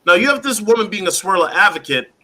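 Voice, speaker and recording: A man talking as a guest on a casual panel, rambling and animated, often repeating words as he builds his point. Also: high-pitched, quick pace.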